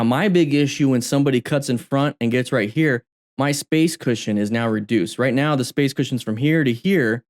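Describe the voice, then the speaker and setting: A man's voice: medium pitch, darkish tone. A man who teaches motorcycle riding, commenting over road videos in a chatty way and repeating phrases for emphasis.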